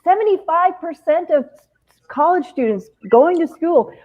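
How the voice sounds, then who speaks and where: A woman's voice: very high-pitched, animated, a little slow, narrow, tinny audio. A woman hosting a remote fundraiser event in a casual, upbeat, chatty way. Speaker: event host.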